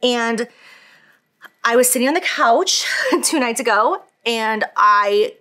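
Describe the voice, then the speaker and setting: A woman's voice: fairly high pitch, lively intonation, slow, sharp tone. A woman in her thirties talking casually to camera as a beauty vlogger while she does her makeup, candid and emotional, with lots of "like" fillers. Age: 30s. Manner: talks while applying makeup.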